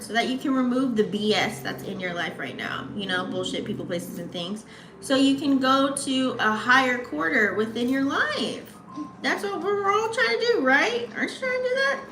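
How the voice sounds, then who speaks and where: A woman hosts a casual astrology reading, chatty and full of slang as she talks right to her viewers. Her voice sits a little high and rings bright. The room around her is echoey. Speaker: astrology channel host.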